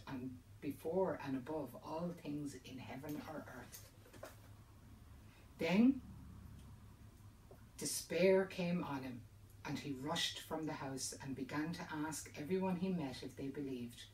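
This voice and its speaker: A woman tells an old folk tale in a low, dramatic, lilting voice. She sits back from the mic in a roomy space. A faint ambience hums underneath. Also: darkish tone, far from the mic, a little hiss or hum. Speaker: storyteller. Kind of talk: reading a folk tale aloud. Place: indoors by a fireside.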